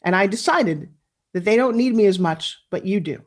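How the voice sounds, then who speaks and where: A middle-aged woman gives a motivational speech over a video call from her living room, moving from earnest, intimate storytelling to rallying cheers for the audience. Her mid-range voice is expressive, at normal speed.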